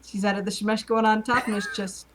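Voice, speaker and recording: A woman's voice: mid-range voice, fairly even intonation, fairly quick. A woman describing her character's actions as a player in a tabletop game. She rambles, with lots of fillers, and a faint hum sits behind her voice. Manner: loose, filler-heavy description.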